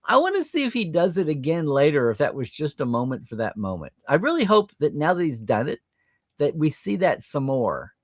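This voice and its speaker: Animated man reading live chat. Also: on the high side, brisk, dry recording. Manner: animated, chatty, reads viewer comments aloud and reacts.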